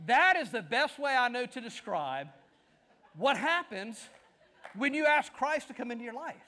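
A pastor with a drawl and a strikingly high voice preaches to his congregation at normal speed. His animated storytelling builds in energy, rising to excited shouts at the climaxes before settling back down.

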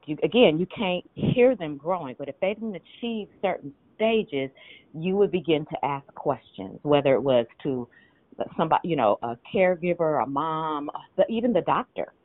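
A woman leading a group call, giving spiritual teaching in a measured, teacherly way with rhetorical questions. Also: low voice, animated, no echo. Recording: tinny phone line.

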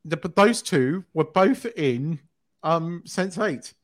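A man's voice: a little high, lively intonation, takes it slowly. A man co-hosting a casual podcast chat about films, hesitant, with frequent restarts. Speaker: podcast co-host.

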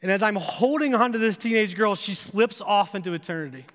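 A pastor preaching a sermon, telling a personal story with earnest, building intensity that rises to impassioned pleas. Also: male voice, sits high, brisk, fairly bright tone. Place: church sanctuary. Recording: long reverb of a church hall.

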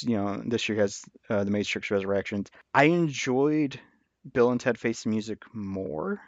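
A man's voice: medium pitch, dry recording. A man co-hosting a casual film review chat, animatedly retelling scenes. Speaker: podcast co-host. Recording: dull, dry lo-fi audio.

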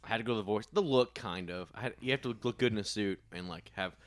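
A man in relaxed, casual chat about movie casting, hesitant and thinking aloud. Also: on the low side, fast talker, dry recording. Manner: relaxed, hesitant, many fillers and restarts.

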